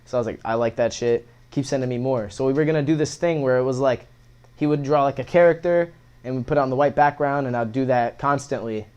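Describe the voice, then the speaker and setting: A young man chats casually as a guest on an interview podcast. He tells his stories in loose slang, swears often, and acts out old conversations with lively energy. His voice sits at a middle pitch. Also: quick pace, clear, resonant tone, dull audio. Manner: laid-back slangy storytelling, swearing, animated retellings. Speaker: guest musician.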